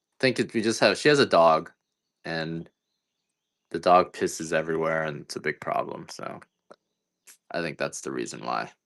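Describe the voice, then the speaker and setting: Deep-voiced guy rambling and joking on a live sales stream, kinda self-deprecating. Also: moderate pace, pauses often, a bit bright. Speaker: livestream seller of coffee. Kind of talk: casual live-selling chat.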